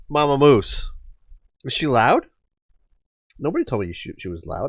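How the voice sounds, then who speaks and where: A man hosting a livestream from a home setup talks in a rambling, loose way, full of fillers and the odd curse. His voice sits at an ordinary pitch. The sound is dry and close to the mic, with no room in it. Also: very animated, measured pace, long pauses, no room sound. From United States. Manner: rambling, profane, many fillers. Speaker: livestream host. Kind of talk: casual stream chat.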